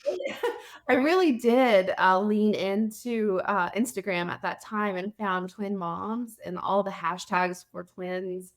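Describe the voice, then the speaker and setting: A woman's voice: mid-range voice, slow pace. A woman, a mother of twins, talking as a podcast guest with hesitant restarts. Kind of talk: casual conversation.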